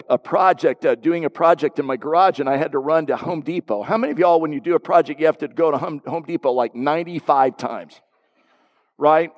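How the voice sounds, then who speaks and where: A middle-aged man, a pastor, preaching a sermon and telling a personal story with asides to the congregation. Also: a little high. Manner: storytelling, conversational with audience asides. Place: church sanctuary. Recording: long hall reverb.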